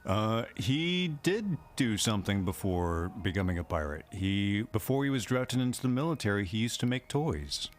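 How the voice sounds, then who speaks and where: A man's voice: lowish voice, big pitch swings, moderate pace, hardly any pauses, soft background music. A man talking casually about his tabletop character, hesitant and full of fillers. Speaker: tabletop game player.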